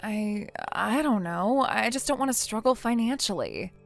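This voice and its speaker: A woman voicing a defensive, self-pitying young wife in a text story, in a somewhat high voice. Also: lively intonation, moderate pace, vocal fry. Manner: whiny, defensive.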